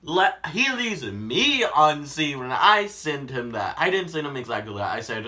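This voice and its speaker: A man telling a story in a casual vlog, animated and sarcastic. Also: a little high, moderate pace, hardly any pauses. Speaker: vlogger.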